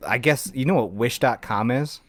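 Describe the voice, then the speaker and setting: A man's voice: mid-range voice, normal speed, no room sound. A man, a veteran guest on a podcast, telling casual stories and acting out the voices of people in them. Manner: lively anecdotes, acts out quoted voices. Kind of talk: casual storytelling.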